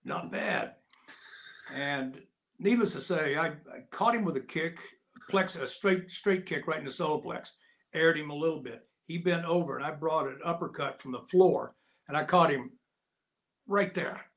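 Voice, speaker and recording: An older American man, an actor and Navy veteran, telling lively anecdotes as an interview guest and acting out the people he quotes. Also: fairly high pitch, moderate pace. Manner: animated anecdotes with voiced quotes. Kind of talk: casual storytelling.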